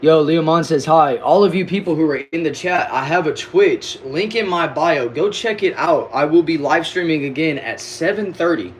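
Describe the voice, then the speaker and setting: A man's voice: on the high side, normal speed, hardly any pauses, slight background noise. A young man from Texas streaming live, reading his chat aloud in an upbeat, chatty way and thanking viewers. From Texas, USA.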